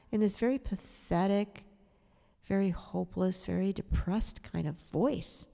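A woman's voice: mid-range voice, measured pace, creaky, warm tone, long reverb tail. A woman telling a personal story in a chatty, digressive way, with sarcastic asides. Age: adult. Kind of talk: casual storytelling monologue.

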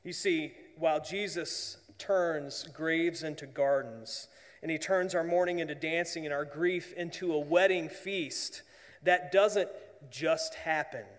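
A man preaching a sermon as pastor, earnest, often dropping to a hushed voice for emphasis. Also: a little high, unhurried, long reverb tail.

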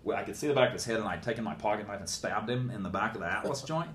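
A man with a very low, deep voice tells a long story in a plainspoken, rambling way, full of folksy turns of phrase. The sound is roomy, with a faint hiss underneath. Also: expressive, very fast, fairly bright tone. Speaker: guest telling a story. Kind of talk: casual spoken storytelling.

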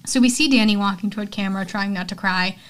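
A woman's voice: medium pitch, fast talker, fairly bright tone. A young adult woman hosting a podcast, recapping a film in a chatty, candid, heartfelt way with frequent "um" and "like". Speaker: podcast host.

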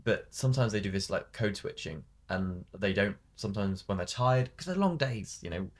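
A man with a very low voice chats casually as a podcast co-host. He is easygoing and keeps the talk going with quick short replies. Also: expressive.

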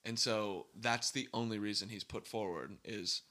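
A young man co-hosting a podcast, chatting casually in an animated, quick way with lots of fillers and laughs. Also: on the low side. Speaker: podcast co-host. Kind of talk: casual chat.

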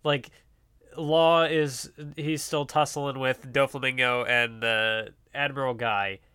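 A man chatting casually as a podcast co-host, retelling scenes in an animated way. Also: medium pitch, slow, smooth, no echo, clean studio sound. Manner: animated retelling with quoted lines. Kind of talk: casual chat.

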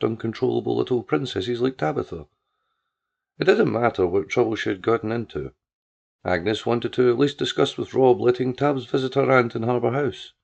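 A man narrating a story in a steady storytelling manner, on a dull lo-fi recording. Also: on the low side, creaky. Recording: dull lo-fi audio.

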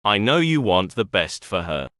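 A man voicing a smooth-talking, scheming male former employer who coaxes and persuades. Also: fairly low pitch, big pitch swings, moderate pace, fairly bright tone, dry recording, clean studio sound. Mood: persuasive. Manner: coaxing, persuasive.

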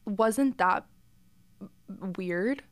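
A woman's voice: mid-range voice, very slow, dry recording. A young woman from South Carolina co-hosting a podcast, chatting casually and laughing easily. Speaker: podcast co-host. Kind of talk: casual chat.

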